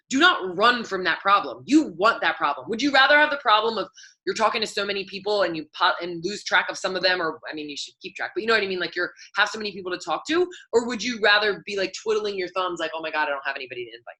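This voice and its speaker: A woman's voice: medium pitch, bright, forceful tone, poor audio. A woman fitness coach talking casually and candidly to her team, full of fillers and asides. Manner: chatty, filler-heavy, candid. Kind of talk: casual live coaching talk.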